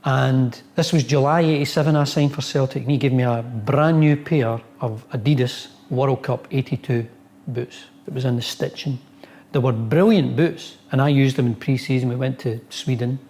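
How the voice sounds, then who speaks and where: A former footballer telling dressing-room anecdotes in an interview. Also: male voice, medium pitch, normal speed, a little mellow. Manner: storytelling, acts out quotes.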